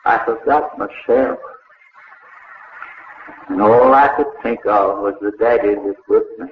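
An older preacher tells a story slowly and dramatically, voicing its people in turn. His voice sits a little low. The old recording is echoey and thin, as though heard over a phone line. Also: a little hiss or hum. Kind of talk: sermon storytelling.

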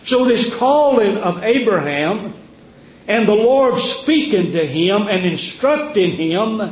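A man preaching a sermon in a drawn-out, emphatic way, asking rhetorical questions. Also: sits high, roomy sound, muffled recording.

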